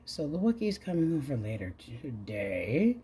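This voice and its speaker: A woman's voice: low voice, sing-song, moderate pace, warm tone, slight background noise. Chatty middle-aged woman tarot reader. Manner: chatty, wry, swears freely. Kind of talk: casual rambling chat.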